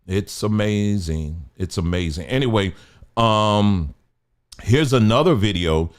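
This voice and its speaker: A man hosting a livestream, talking emphatically, repeating his points and asking rhetorical questions. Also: lowish voice. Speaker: livestream host. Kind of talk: livestream commentary.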